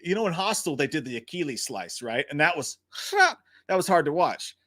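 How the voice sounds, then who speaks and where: A man's voice: a little high, normal speed, no echo, studio quality. A man hosting a casual livestream, talking in a loose, profane way and answering chat comments. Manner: profane, animated storytelling. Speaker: host.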